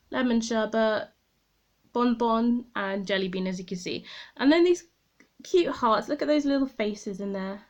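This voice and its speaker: Slightly high and heard through dull audio, this woman's voice belongs to a beauty vlogger. Talking casually to camera, she rambles and remarks on herself while testing makeup.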